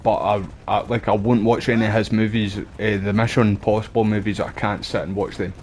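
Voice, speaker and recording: A Scottish man with a lowish voice chats casually as he streams a game. He rambles from one story to the next in a relaxed, slangy way, with faint game sounds behind him. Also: brisk, slight background noise. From Scotland. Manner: rambling, chatty, uses local slang. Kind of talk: casual gameplay chat.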